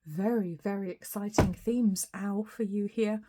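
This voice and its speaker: A woman giving a casual tarot reading, her voice a little hoarse from a recent cold, chatty and often laughing. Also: mid-range voice, steady tone, normal speed, slight background noise. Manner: chatty, laughs often, some soft whispery asides. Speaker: tarot reader.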